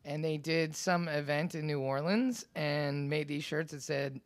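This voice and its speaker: A woman's voice: sits low, unhurried, dry recording. A woman co-hosting a casual podcast chat, blunt and swearing freely. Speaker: podcast co-host.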